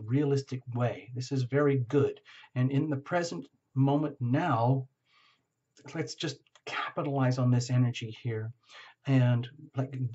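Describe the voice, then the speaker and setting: A man with a husky, breathy voice talks through a tarot reading in an upbeat, encouraging way. He addresses the listener directly and sounds enthusiastic. The recording is a little dull and lo-fi. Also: medium pitch, a little mellow. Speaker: tarot reader. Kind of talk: casual spoken tarot reading.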